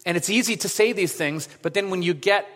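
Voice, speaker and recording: A man's voice: sits high, a little fast, fairly bright tone, long reverb tail. A man giving a casual, conversational sermon as a pastor, with lots of fillers. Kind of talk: casual sermon with opening prayer.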